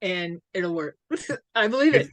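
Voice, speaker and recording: A woman hosting an interview in a casual, enthusiastic way, answering with quick affirmations and frequent laughs. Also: medium pitch, expressive, dry recording. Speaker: host.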